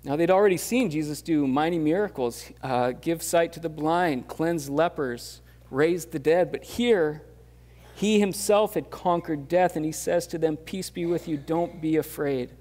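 A man with a slightly high voice delivers a sermon in a conversational, easygoing way, scattering fillers before rising to emphatic questions. His voice rings out with the long reverb of a church hall. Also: measured pace, darkish tone. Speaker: pastor. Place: church sanctuary.

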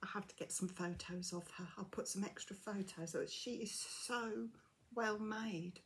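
Woman crafting vlogger, unboxing chat, unhurried delivery, gushing, breathy half-whispers, faint room hum behind. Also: mid-range voice. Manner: gushing, gasping, often drops to a soft breathy near-whisper.

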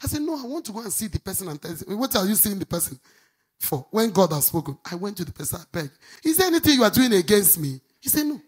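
A husky-voiced middle-aged woman preaches a sermon. She rises into loud, fast bursts and then drops into low, confiding asides. Her pitch sits in an ordinary middle range for a woman. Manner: animated preaching, swinging between shouts and low asides. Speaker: pastor.

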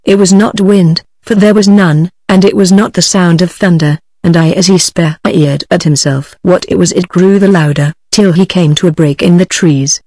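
A woman's voice: fairly low pitch, normal speed, few pauses, no room sound. Synthetic British woman reading a story. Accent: British English. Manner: even synthetic text-to-speech reading. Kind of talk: scripted audiobook narration.

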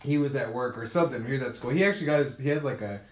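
A man's voice: medium pitch, rapid-fire, reverberant. A man co-hosting a podcast in a casual chat, making wry asides and chuckling along. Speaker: podcast co-host.

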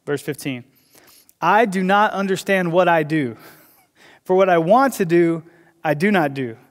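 A man preaching a sermon as pastor, talking conversationally with quick asides and restarts. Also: high voice. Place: church auditorium. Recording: long hall reverb.

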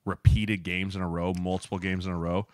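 Animated man on a podcast. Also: low-pitched, a little fast, dry recording, studio quality. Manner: animated, acts out heated locker-room quotes. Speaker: podcast co-host, former offensive lineman. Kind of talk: casual chat.

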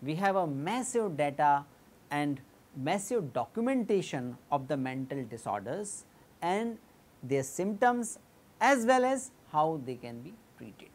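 Low-voiced woman giving a lecture. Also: very animated, a little mellow. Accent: Indian English. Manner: measured, explanatory, with frequent fillers and restarts. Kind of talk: academic lecture.

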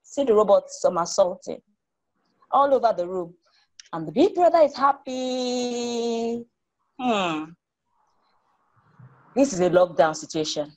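A woman author reading her story aloud to children, animated and stopping to ask them questions. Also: on the high side, takes it slowly, long pauses, low-quality recording.

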